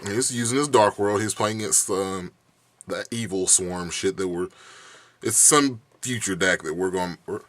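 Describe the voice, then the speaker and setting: A man's voice: sits low, moderate pace, a bit bright. A young man with a bad cough, ranting casually for a video, heated and profane, with many restarts and fillers. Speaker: YouTube vlogger. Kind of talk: casual rant.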